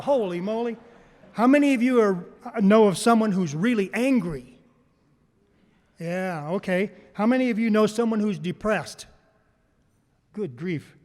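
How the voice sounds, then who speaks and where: A man giving a talk to a live audience, telling stories and asking the crowd questions, then repeating their answers. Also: sits high. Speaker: panel speaker on farm mental health. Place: conference hall. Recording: long hall reverb.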